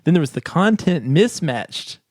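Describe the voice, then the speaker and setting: A man's voice: on the high side, very animated, normal speed, a little mellow, no echo, studio quality. A man co-hosting a podcast, explaining a research study in casual chat and laughing often. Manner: chatty, laughs often, reads scripts aloud. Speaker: podcast co-host.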